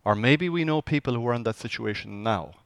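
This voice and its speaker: Male pastor, animated sermon delivery, dry close sound. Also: mid-range voice, brisk, creaky, clean tone, no echo. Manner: lively, conversational preaching with rhetorical questions.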